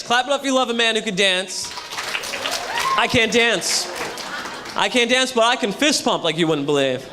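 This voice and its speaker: A young man doing a brash stand-up comedy set with loud crowd work at a hotel show. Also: sits high. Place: hotel comedy show before a live audience. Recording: live room with audience.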